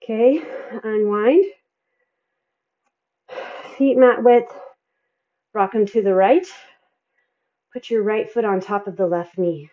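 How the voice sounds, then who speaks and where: A woman's voice: mid-range voice, takes it slowly, long pauses, narrow, tinny audio. A woman fitness instructor coaching a workout, counting reps and encouraging, sighing and a bit out of breath between exercises.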